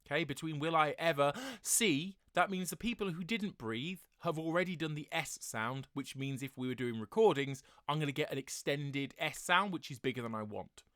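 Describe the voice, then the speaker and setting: A man directing a choir, explaining breathing in a relaxed tutorial with many fillers. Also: a little high, moderate pace, hardly any pauses, dry recording, studio quality.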